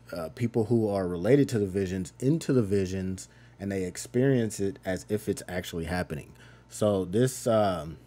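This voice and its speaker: A man's voice: sits low, mellow. A man giving a casual, rambling page-by-page comic book recap, loosely paraphrasing the characters in an offhand tone.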